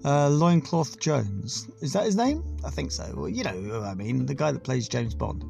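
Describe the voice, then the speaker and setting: Sweary, giggly podcast host. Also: male voice, mid-range voice, very animated, moderate pace, creaky, a little mellow, soft background music. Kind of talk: casual solo podcast monologue.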